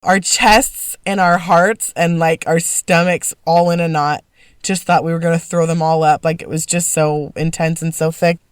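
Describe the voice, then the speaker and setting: A woman retelling a family moment in a lively, wry, animated way, acting out everyone's lines. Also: on the low side, moderate pace, clear, resonant tone, no echo. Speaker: sister of the storyteller. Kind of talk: personal storytelling.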